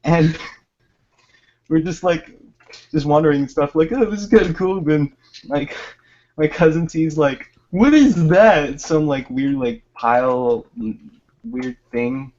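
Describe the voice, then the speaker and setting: A man's voice: fairly high pitch, slow, pauses often, darkish tone. A young man telling a story in casual chat, rambling with lots of fillers and laughs. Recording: dull lo-fi voice chat.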